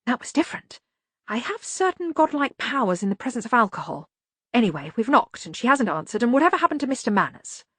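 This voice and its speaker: A woman's voice: on the high side, big pitch swings, fast talker, a bit bright, breathy edge, no room sound, pitched above the performer's own voice, full character voice. A woman voicing a nervous, fussy male minor god who complains.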